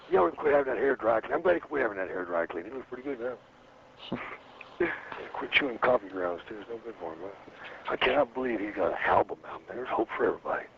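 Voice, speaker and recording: A man's voice: lowish voice, animated, quick pace, gravelly. A man telling rambling, profane anecdotes as an interview guest, slipping into quoted voices. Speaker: interview guest, former wrestler. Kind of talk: storytelling in a casual interview. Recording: slightly muffled with faint noise.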